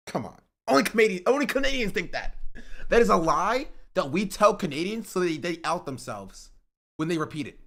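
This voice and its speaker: A man with a fairly high voice streams live, talking straight to his chat in a loose way. He spins jokes into loud mock rants that keep rising in pitch and volume. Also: very animated, a little fast, vocal fry. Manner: joking, ranting bits that build in volume and pitch.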